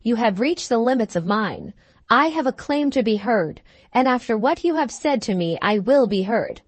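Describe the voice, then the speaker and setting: A woman voicing a wronged young woman who speaks gently, steadily and firmly. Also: fairly high pitch, animated, normal speed, dry recording. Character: wronged young woman, calm, patient and firm.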